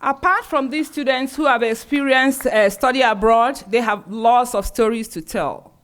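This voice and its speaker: University program director, woman, fairly high voice, formal ceremony remarks with ums and uhs. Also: moderate pace, fairly bright tone. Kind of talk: ceremony presentation. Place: university auditorium.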